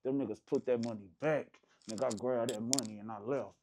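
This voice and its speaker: A man telling a story about a dice game in a casual, animated way, jumping from loud, high outbursts to quiet, low asides. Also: a little fast, slight background noise.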